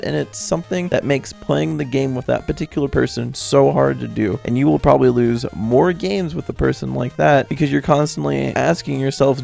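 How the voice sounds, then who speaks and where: A young man with a gravelly, creaky voice rants bluntly and with plenty of swearing, sounding fed up. Soft music sits faintly behind him in this commentary video. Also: mid-range voice. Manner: blunt, profane, exasperated. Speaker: gaming video creator.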